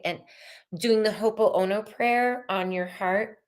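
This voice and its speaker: A middle-aged woman giving a slow, meandering live-stream tarot reading, soothing and full of fillers. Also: mid-range voice, fairly even intonation. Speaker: tarot reader.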